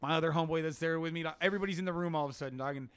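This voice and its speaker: A man's voice: a little high, clean tone, dry recording. A man telling a wild story on a podcast in a profane, slangy way, acting out what people said and repeating "dog" constantly. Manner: fast and excitable, acts out quotes. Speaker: podcast guest. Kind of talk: animated storytelling.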